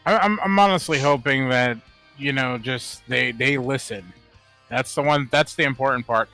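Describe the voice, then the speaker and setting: A man co-hosting a casual podcast, talking in an animated way, swearing and laughing often. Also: normal speed, faint music behind. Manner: animated, swears, laughs often, rising pitch when worked up. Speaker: podcast co-host. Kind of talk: casual chat.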